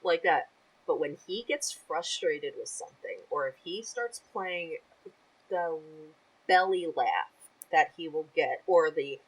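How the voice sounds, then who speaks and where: A woman's voice: low voice, animated, a little slow, breathy edge, rough recording. A woman guest on a podcast, chatting casually and animatedly and laughing easily. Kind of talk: casual chat.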